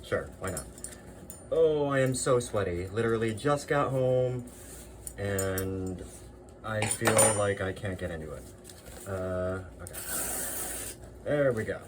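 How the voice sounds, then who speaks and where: Male vlogger, very deep voice, unhurried, wry and chatty. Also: lively intonation, a little hiss or hum. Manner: chatty, self-deprecating humor. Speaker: vlogger sewing historical Korean clothing. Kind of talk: casual chat to camera.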